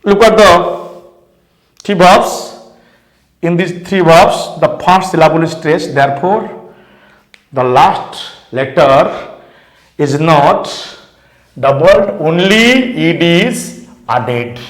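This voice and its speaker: A man with an Indian English accent gives a grammar lesson in a high voice, drawing out every word very slowly. He repeats examples and spells letters one by one. The room around him rings with echo. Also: expressive. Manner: slow, deliberate, repeats words and spells letters out. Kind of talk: slow classroom grammar lesson. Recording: echoey room.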